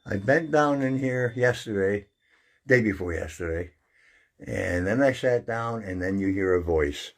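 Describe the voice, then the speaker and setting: A man's voice: fairly low pitch, animated, measured pace. A man hosting a paranormal livestream, chatting casually while walking around indoors in an old house. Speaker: paranormal show host.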